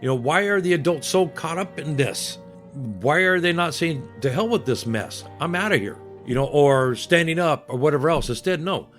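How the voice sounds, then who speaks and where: Soft background music accompanies a man with a fairly high voice speaking at normal speed. An older interview guest, he shares lively, wryly funny stories and acts out the voices of the people in them.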